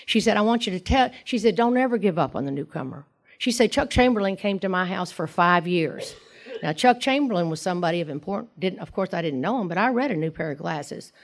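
A woman's voice: on the low side, fairly quick. A middle-aged woman giving a personal talk at a recovery meeting, rambling through her story with many asides and quoted dialogue.

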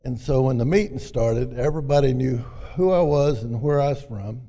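An older Southern man from Arkansas tells a personal recovery story in a folksy, rambling way, full of "you know." His voice is gravelly, and it carries through a big hall with a long echo. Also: medium pitch, moderate pace, mellow. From Arkansas, USA. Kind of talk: personal testimony talk. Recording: echoey hall, mic at a distance.

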